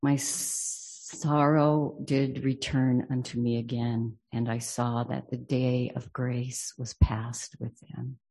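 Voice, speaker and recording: A man's voice: medium pitch, little pitch movement, slow, few pauses, a little mellow. A man teaching a reflective scripture study lesson. He reads verses aloud and then muses on them thoughtfully.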